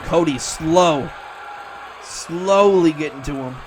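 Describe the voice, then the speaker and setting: A man calling wrestling play-by-play, excitable and breaking into shouts at near-falls. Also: fairly high pitch, takes it slowly, background noise. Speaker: wrestling commentator. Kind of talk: play-by-play commentary.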